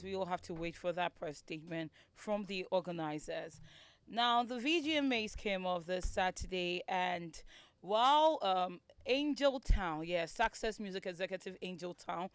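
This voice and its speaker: A woman's voice: on the low side, clear, resonant tone, no echo. A woman with a Ghanaian accent presenting entertainment news on a radio show, playful and teasing in her banter. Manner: playful, teasing, bursts into laughter. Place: radio studio. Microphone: studio microphone.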